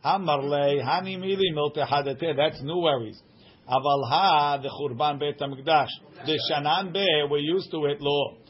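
A man with a slightly high voice and moderate pace teaches Talmud, reading and translating line by line and checking in with "right?". The recording is dull and lo-fi.

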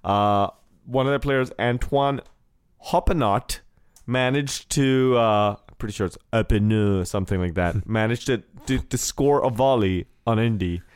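Male podcast co-host, rambling and jokey, dry close sound, ordinary pitch. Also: unhurried, clean tone, dry recording. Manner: rambling, jokey, many fillers. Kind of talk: casual soccer podcast chat.

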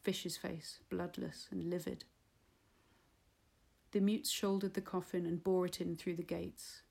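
A woman reading a literary novel aloud in a measured, unhurried way. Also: on the low side, little pitch movement, creaky, a little mellow. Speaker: audiobook reader. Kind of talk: literary audiobook narration.

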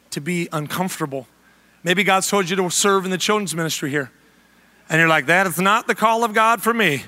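A man preaching a humorous sermon as pastor, animated and joking with the congregation. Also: sits high.

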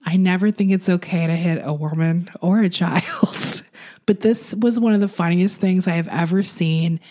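A woman co-hosting a casual chat about a film, blunt and quick to laugh, with some swearing. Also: fairly low pitch, mellow. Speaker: podcast co-host.

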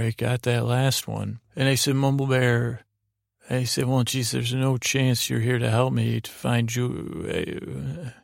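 Gravelly man rambling a bedtime story. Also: mid-range voice, darkish tone, no echo, clean studio sound. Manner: meandering, halting, many restarts and "I said". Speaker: sleep story narrator.

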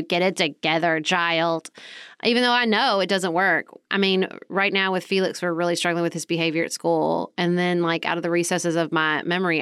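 A woman co-hosting a podcast, chatting in a frank, relaxed way. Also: fairly low pitch, smooth, no echo, studio quality. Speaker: podcast co-host. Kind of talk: casual chat.

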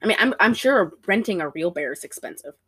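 Animated laughing woman reviewing a movie. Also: mid-range voice, fairly quick, husky. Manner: animated, giggly, imitates characters. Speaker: podcast co-host. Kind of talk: casual movie review chat.

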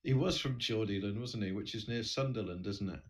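A man's voice: fairly low pitch, brisk. A man with a British accent co-hosting a podcast in casual chat, playful and mock-serious. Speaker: podcast co-host.

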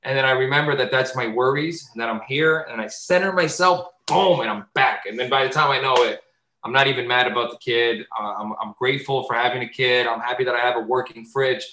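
A man talking casually on a podcast, animated and swearing freely, often jumping into loud high voices to act out bits. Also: fairly quick, roomy sound, poor audio. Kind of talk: casual chat.

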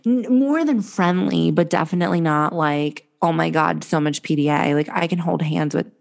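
A woman with a New York accent, co-hosting a podcast in casual chat, sassy and blunt, cursing freely, her voice deepened by covid. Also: normal speed, creaky, darkish tone. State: sick with covid, voice deeper than usual. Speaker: podcast co-host.

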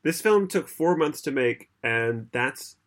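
A man's voice: mid-range voice, animated, takes it slowly, a bit bright. A man co-hosting a podcast in casual chat, explaining at length and laughing often. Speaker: podcast co-host.

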